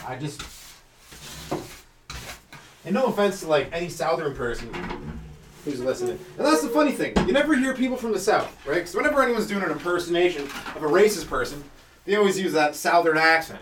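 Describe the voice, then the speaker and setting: A man's voice: on the high side, animated, a little fast, echoey room, far from the mic, a little hiss or hum. A man doing a loose, profane comedy podcast monologue, full of rhetorical questions. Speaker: stand-up comedian podcast host.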